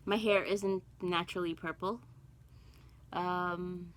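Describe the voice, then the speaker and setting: A woman's voice: fairly low pitch, steady tone, slow pace, poor audio. A middle-aged woman, born in Guyana and raised in Brooklyn, chatting casually to camera with lots of ums and asides. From born in Guyana, raised in Brooklyn, New York. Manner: chatty, rambling with many ums and self-talk. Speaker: cross stitch vlogger.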